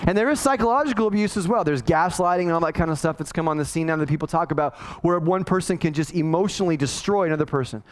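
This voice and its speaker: Pastor guy preaching casual-style, voice sits pretty high, lots of restarts. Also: fast, few pauses. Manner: conversational preaching with many restarts and acted quotes. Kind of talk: sermon.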